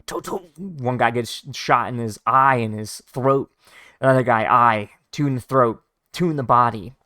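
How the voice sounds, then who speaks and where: A man casually reading a comic aloud, describing the panels in an informal, halting way with many fillers. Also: mid-range voice, sharp tone, dry recording, studio quality. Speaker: read-along narrator. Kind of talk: casual read-along of a comic.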